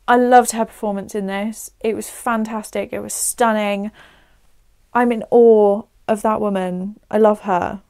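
Young woman, vlogger, gushing film review, smooth clear voice, medium pitch. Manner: chatty and effusive, many "like" fillers. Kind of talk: casual spoken film review to camera.

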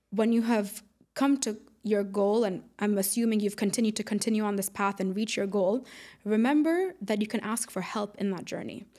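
A woman in her late twenties or thirties talks in a relaxed interview. She sounds upbeat and laughs often. When she acts out what other people said, her voice shifts for each of them. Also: medium pitch. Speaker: podcast guest, air traffic controller. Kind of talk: casual interview chat.

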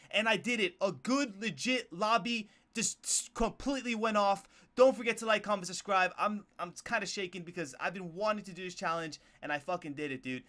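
Hyped young man with a high bright voice. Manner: excitable, hyped, swears freely; quick running play-by-play shouts. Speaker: gaming video creator. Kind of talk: live gameplay commentary.

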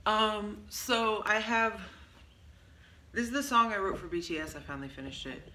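This songwriter has a mid-range voice with a sharp edge and talks at a normal speed. Casually showing off a song she wrote for a vlog, she rambles, fills gaps with ums and often stops to fix what she said. Faint hiss and a roomy echo color the audio.

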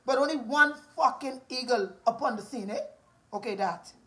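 A Bahamian woman in her forties, high-pitched and a bit bright, speaks directly to her listeners in an angry, fairly quick rant. She's profane and combative, hammering the same taunts over and over. The recording quality is low.

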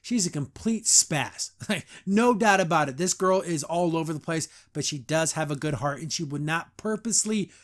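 A man's voice: on the high side, moderate pace, hardly any pauses. A man hosting a podcast, giving a casual, rambling episode review full of "like"s and laughs. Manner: animated, rambling, frequent laughs and "like". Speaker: podcast host.

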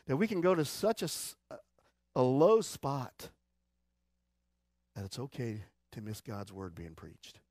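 A man preaching a church sermon, swinging between loud urgent exhortation and quiet low asides, with a Midwestern American accent. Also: huge pitch swings, a little slow, pauses often, dry recording, clean studio sound. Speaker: pastor. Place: church sanctuary.

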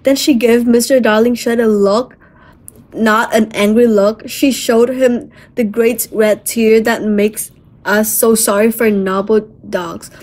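A woman reads a storybook aloud at an unhurried pace, her voice a touch high. She reads carefully and measuredly, stumbling on a word now and then. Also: fairly even intonation, darkish tone. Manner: careful, measured reading with small slips. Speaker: volunteer audiobook reader.

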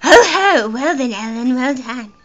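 A woman voicing a creepy, pompous male king from a handheld game, reading his lines in a theatrical, booming way. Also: animated, a little slow. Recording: muffled lo-fi recording.

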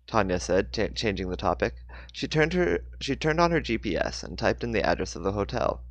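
A man's voice: fairly low pitch, big pitch swings, brisk, dry recording. A man reading a novel aloud, stumbling and correcting himself now and then. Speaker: audiobook reader.

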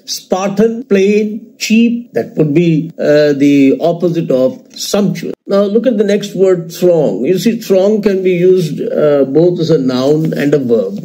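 A man's voice: on the high side, animated, takes it slowly, hardly any pauses, mellow, low-quality recording. A man with an Indian English accent teaching vocabulary for entrance exams, running through long lists of synonyms and spelling out words letter by letter. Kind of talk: exam-prep vocabulary lesson.

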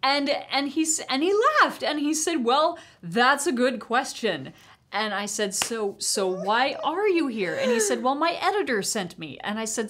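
Wry woman telling a story, high voice. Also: normal speed, noisy background. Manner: wry, animated storyteller who laughs mid-sentence. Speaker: panel guest. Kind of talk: casual conversation, storytelling.

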